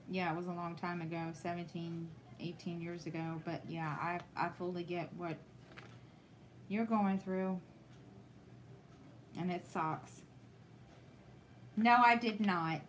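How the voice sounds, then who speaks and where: A woman hosting a craft livestream, chatting casually with viewers and telling stories in a slow, rambling way with frequent restarts. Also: lowish voice, level tone, darkish tone, a little hiss or hum.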